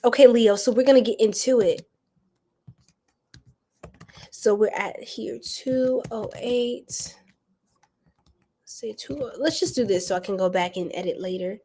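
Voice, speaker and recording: A young woman with a dark-toned, mid-range voice talks briskly, barely pausing, while hosting a live tarot reading. She jokes casually with viewers, laughs often, and calls them "y'all" and "girl."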